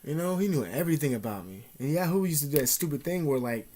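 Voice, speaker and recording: Profane, animated young man telling a story. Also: a little high, fast. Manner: profane, animated, streetwise slang. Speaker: vlogger. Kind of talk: casual storytelling to camera.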